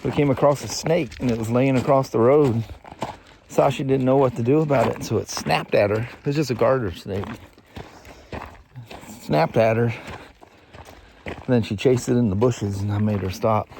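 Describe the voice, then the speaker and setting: एक गहरी, खरखराती आवाज़ वाला अधेड़ उम्र का आदमी, जो बिखरे, सहज अंदाज़ में वीडियो ब्लॉग पर बातें करता है। उसकी आवाज़ मधुर और गर्म है। पीछे हल्का सा शोर सुनाई देता है।. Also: male voice, medium pitch, moderate pace, vocal fry, pauses often, mellow, a little hiss or hum. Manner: rambling, easygoing storytelling with restarts. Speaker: vlog host. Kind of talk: casual chat.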